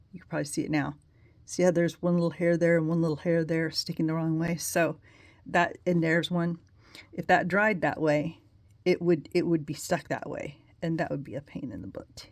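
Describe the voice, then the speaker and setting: A woman with a lowish voice walks viewers through a nail polish how-to in a loose, chatty way. She rambles and pokes fun at her own wording. The sound is dry and close, with no room echo. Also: a little mellow. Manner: chatty, rambling, self-deprecating asides. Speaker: nail polish tutorial host. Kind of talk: casual how-to demonstration.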